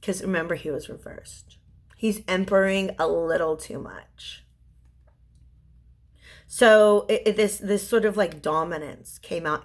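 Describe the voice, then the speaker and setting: A young woman giving a gentle, soothing tarot reading, often restarting her sentences and sometimes dropping to a whisper. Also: sits low, fairly even intonation, creaky. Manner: halting restarts and repeated words. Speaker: tarot reader. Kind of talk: intuitive tarot reading to a viewer.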